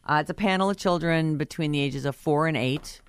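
A woman's voice: low voice, brisk, clean tone. A woman co-hosting a radio talk show, chatting casually as she reads out entertainment news items with her own asides.

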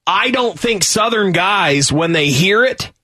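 A man hosting a radio talk show, telling stories in a casual, animated way. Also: high-pitched, measured pace, dry recording, clean studio sound. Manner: animated storyteller, does voices and laughs. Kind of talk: casual chat.

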